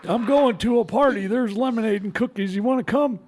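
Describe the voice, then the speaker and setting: A man's voice: extremely high pitch, a little fast, darkish tone, a little hiss or hum. A man voicing an odd, friendly fellow who offhandedly invites strangers to a party, in an improvised tabletop role-play.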